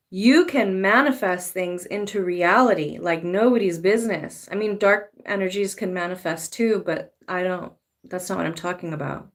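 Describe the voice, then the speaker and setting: A woman's voice: mid-range voice, a little slow. A woman giving a casual spiritual talk as a tarot reader, swearing freely and now and then acting out pleading voices. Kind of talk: spiritual monologue.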